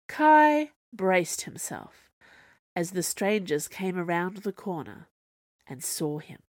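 A woman narrating a story aloud in an expressive, wry manner. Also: on the low side, takes it slowly, dry recording, studio quality. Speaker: audiobook narrator.

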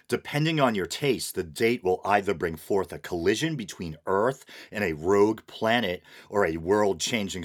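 Deep-voiced male solo podcaster, dry sarcastic commentary. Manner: sarcastic, wry. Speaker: podcast host.

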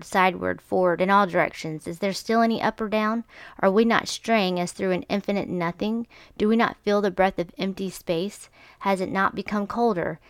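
A woman's voice: on the low side, smooth, no room sound, studio quality, close to an everyday voice. A woman with a stuffy nose reading the lines of a frantic man who raves at a crowd, with mild emphasis. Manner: read aloud with mild emphasis.

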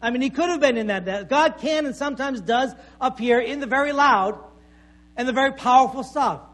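A male pastor preaching a sermon before a congregation in a conversational way, checking in with "right?" and dropping to a soft voice for emphasis. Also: very high voice, fairly quick. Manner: conversational preaching with frequent "right?" tag questions and stammered repeats; drops to soft, quiet tones for emphasis.

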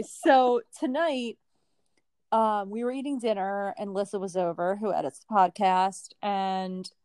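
A woman's voice: medium pitch, clear, resonant tone, dry recording. A woman co-hosting a podcast in casual chat, telling stories with lots of laughter. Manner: animated storyteller, laughs often. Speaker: podcast co-host.

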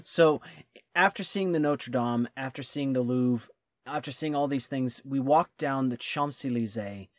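A man co-hosting a travel talk, eager and quick to laugh, tripping over his words when excited. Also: medium pitch, dry recording, clean studio sound. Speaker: travel vlog co-host. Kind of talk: casual travel chat.

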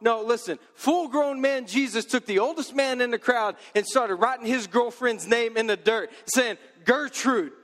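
A male pastor preaching a sermon in a casual, joking, lively way. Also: very high-pitched, normal speed, hardly any pauses, in a large hall.

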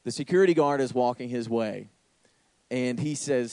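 Young male preacher, storytelling sermon delivery, dry close sound, mid-pitched. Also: moderate pace, no echo. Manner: lively storyteller, sudden high exclamations. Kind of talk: sermon with anecdote.

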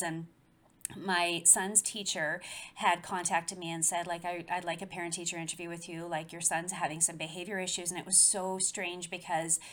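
A woman in her forties, talking casually and telling a personal story with animation and frequent laughs. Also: on the low side. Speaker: guest. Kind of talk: casual conversation.

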